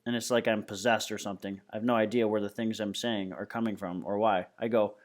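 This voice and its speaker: Low-voiced man reading a novel aloud. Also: fairly even intonation, a little fast, hardly any pauses. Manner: casual first-person storytelling. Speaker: reader.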